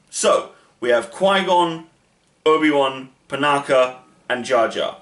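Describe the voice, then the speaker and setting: A man's voice: medium pitch, slow pace, a bit bright. A man casually retelling a story in his own way, chatty and rambling, with asides and fillers. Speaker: channel host. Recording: roomy echo.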